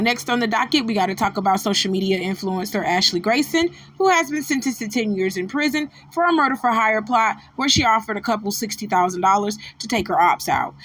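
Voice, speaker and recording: A woman hosting a casual celebrity gossip commentary, animated and preachy, calling her listeners baby. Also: medium pitch. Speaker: host.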